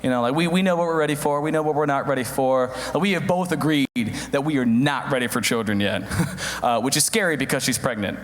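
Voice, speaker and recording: A young man performing a stand-up comedy routine in an animated way, acting out the voices of other people. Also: mid-range voice, a little fast. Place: comedy stage before an audience. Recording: live stage with long hall reverb.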